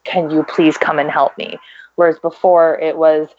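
A woman's voice: sits low, level tone, normal speed, muffled recording, a little hiss or hum. A woman talking as a guest, chatty and upbeat with lots of fillers. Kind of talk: casual chat.

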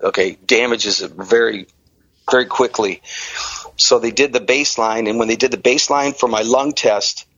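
Middle-aged guy from the detroit area telling his story, animated and punchy, dry close sound, kinda muffled. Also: mid-range voice, normal speed, breathy edge, dry recording. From Detroit area, Michigan. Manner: animated, energetic storyteller who acts out dialogue. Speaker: interview guest. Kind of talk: candid storytelling in an interview. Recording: dry, slightly muffled audio.

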